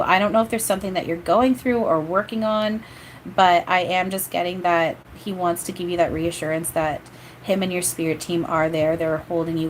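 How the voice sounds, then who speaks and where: A woman's voice: on the low side, a little hiss or hum, low-quality recording. A woman doing a live-streamed spirit reading as a medium, rambling and hesitant with many fillers. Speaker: psychic medium.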